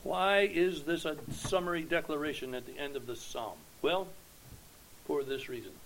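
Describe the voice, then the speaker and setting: High-voiced preacher, earnest and emphatic. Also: male voice, moderate pace, noisy background. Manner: earnest, swelling from hushed to loud emphatic preaching; rhetorical questions to the congregation. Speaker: pastor. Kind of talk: sermon.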